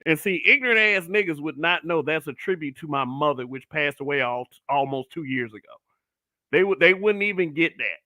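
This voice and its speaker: A man's voice: a little high, lively intonation, a little fast, sharp tone, no room sound. A middle-aged man hosting his own online broadcast, ranting bluntly and with heavy profanity. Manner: profane, blunt ranting with mocking put-on voices. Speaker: online talk show host. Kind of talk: brutally honest solo commentary broadcast.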